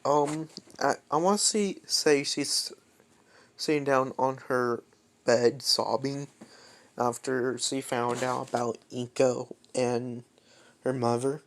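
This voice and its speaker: A man's voice: medium pitch, fairly even intonation, takes it slowly. A young man improvising a fan story aloud, rambling with many restarts.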